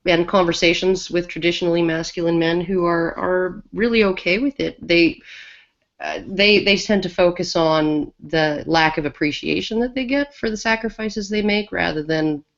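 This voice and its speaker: Low-voiced chatty woman, lo-fi sound. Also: moderate pace. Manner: chatty, many restarts and fillers. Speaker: podcast co-host. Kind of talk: casual panel chat.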